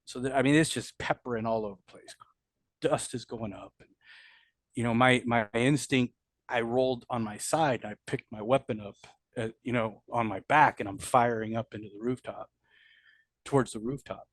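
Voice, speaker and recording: Speaking at medium pitch and a moderate pace, this middle-aged man tells an interviewer about his time in combat, frankly and with plenty of swearing, frequently starting sentences over. The recording has no room sound.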